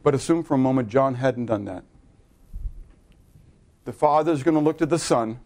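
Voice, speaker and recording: A middle-aged man preaching a sermon, animated and conversational, asking the congregation to answer and correcting himself in loose asides. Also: medium pitch, moderate pace. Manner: animated preaching with audience call-and-response. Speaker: pastor.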